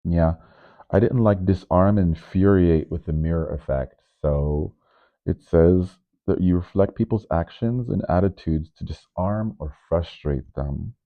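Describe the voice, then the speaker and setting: A man vlogging in a rambling, animated way, nervous on camera, who keeps jumping into sudden high, loud bursts. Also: measured pace. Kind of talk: casual vlog monologue. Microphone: microphone. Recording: narrow phone-like sound.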